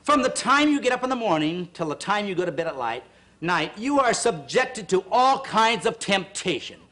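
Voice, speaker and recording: A man's voice: high voice, sing-song, normal speed, sharp tone. A man hosting a televised exercise class, counting reps, urging viewers on, and breaking into earnest, preachy pep talks. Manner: earnest, preachy heart-to-heart asides. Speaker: fitness show host.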